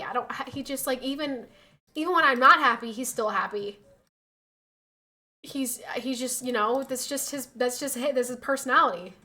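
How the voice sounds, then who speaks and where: Bright, high-voiced young woman streamer. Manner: chatty, laughs often, quotes people in animated voices. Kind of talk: casual chat reading viewer messages.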